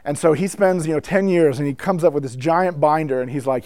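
A man with a slightly raised pitch gives a relaxed teaching talk to a room of church musicians. He tells stories full of asides and builds toward the big moments. The sound is close and dry. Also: a little fast, no echo. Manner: storytelling, frequent asides, builds up excitement. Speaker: speaker addressing church musicians. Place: indoor room with a whiteboard.

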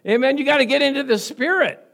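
A man preaching a sermon as pastor, chatty and questioning, shifting from soft asides to loud fervent emphasis with frequent laughter. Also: extremely high pitch, quick pace. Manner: conversational, quizzes the congregation, laughs often.

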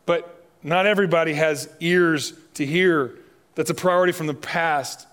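Man preaching in a reverberant hall. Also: a little high. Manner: swings from loud emphatic preaching to soft, hushed appeals; asks the listeners direct questions. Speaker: pastor. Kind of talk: sermon. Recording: long reverb of a large hall.

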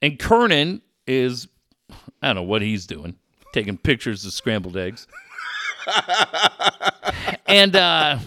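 A middle-aged man telling radio stories in casual chat, animated and profane, laughing often. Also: medium pitch, slow pace, long pauses, background noise.

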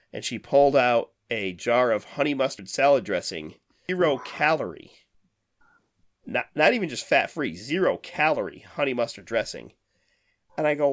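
Lively man telling stories in casual chat. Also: medium pitch. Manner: animated storyteller, acts out quotes.

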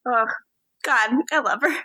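A woman co-hosts a casual podcast, rambling through her points with a steady stream of fillers and little laughs. Her voice sits fairly high, and the recording is dry and close. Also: measured pace, no room sound. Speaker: podcast co-host. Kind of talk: casual chat.

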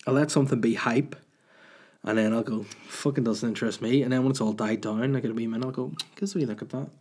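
Rambling Northern Irish man, husky voice. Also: mid-range voice, fairly even intonation, fast, darkish tone. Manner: rambling, sweary, jokey storytelling. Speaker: podcast host. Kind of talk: casual solo chat.

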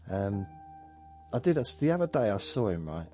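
A man's voice: fairly low pitch, sing-song, moderate pace, a bit bright, faint music behind. A man hosting a podcast in a chatty, rambling, self-mocking monologue. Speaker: podcast host.

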